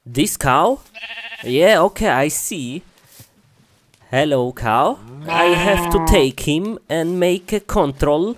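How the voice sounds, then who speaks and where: Slow, halting man acting in a comedy skit. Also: on the high side, expressive. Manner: halting, broken English with many "oh" and "hmm" sounds. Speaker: skit performer.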